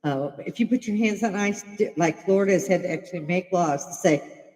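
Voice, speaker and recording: A woman's voice: lowish voice, a little fast, a little mellow, big-room sound, low-quality recording. An older woman from Chicago hosting a casual livestream, talking bluntly with plenty of swearing and frequent laughter. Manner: blunt and profane, laughing often. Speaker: livestream host. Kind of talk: casual opinionated livestream chat.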